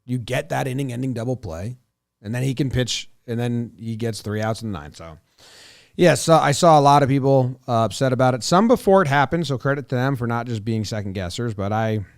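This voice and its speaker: A man's voice: medium pitch, a little fast, dry recording, studio quality. A man co-hosting a casual sports podcast, talking loosely and swearing now and then. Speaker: podcast co-host.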